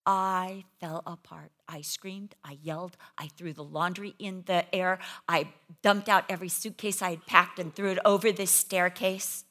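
A middle-aged woman, a pastor's wife, preaching a sermon and telling a personal story with animated energy. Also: on the low side, unhurried, hardly any pauses. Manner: animated storytelling, acts out her own panicked voice.

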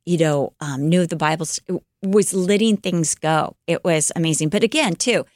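A woman's voice: deep voice, normal speed, a little mellow, no echo, studio quality. A woman co-hosting a podcast, casually retelling a life story with fillers and acted-out quotes.

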